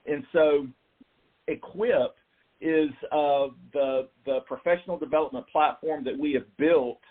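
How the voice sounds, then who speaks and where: A man from southern Maine, a guest explaining his program in a steady, explanatory way with some fillers. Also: a little high, measured pace. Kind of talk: explaining in an interview. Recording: tinny phone-like line.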